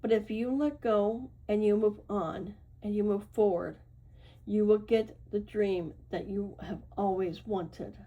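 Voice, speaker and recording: A woman's voice: mid-range voice, fairly even intonation, measured pace, dark tone, highs cut off. A woman giving a casual tarot reading to her viewers, reassuring and chatty, often checking in with "right?" and "okay?". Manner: loose and chatty, with fillers and self-corrections. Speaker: tarot reader.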